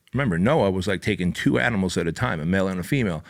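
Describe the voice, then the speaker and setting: A middle-aged man hosting a podcast, giving an intense, profane motivational monologue that climbs into fervent, near-shouted passages. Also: sits low, rapid-fire. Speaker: podcast host.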